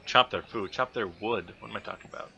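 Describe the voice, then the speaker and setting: A man's voice: fairly low pitch, fast talker, vocal fry, bright, forceful tone, lo-fi sound, a little hiss or hum. A man giving casual, thinking-aloud commentary while playing a city-building game. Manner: muttering to himself, thinking aloud. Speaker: gameplay commentator.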